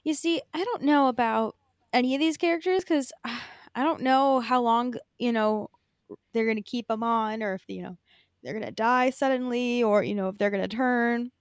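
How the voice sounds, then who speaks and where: A woman's voice: fairly high pitch, normal speed, dry recording, studio quality. A woman co-hosting a podcast in casual chat, hesitant and wry, with lots of fillers. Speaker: podcast co-host.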